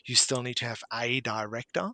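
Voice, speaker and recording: A man's voice: medium pitch, moderate pace, sharp tone, no room sound. A man, an accountant guest on a podcast interview, explaining with homely anecdotes and examples.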